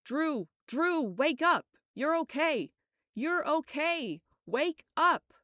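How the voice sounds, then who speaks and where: A protective young man reassures a frightened friend, as a woman narrator voices him. The voice is low and gravelly with vocal fry. Audiobook reading, dry and close. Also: steady tone, slow, a little mellow, no room sound, exaggerated voice. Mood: urgent. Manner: urgent, then soothing.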